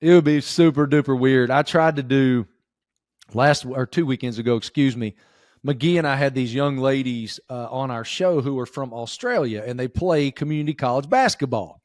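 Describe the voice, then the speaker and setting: A man with an Appalachian Southern accent, a sports reporter chatting as a guest, telling stories in a folksy, animated way. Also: mid-range voice, normal speed, dry recording, clean studio sound. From southwestern Virginia. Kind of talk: casual interview chat.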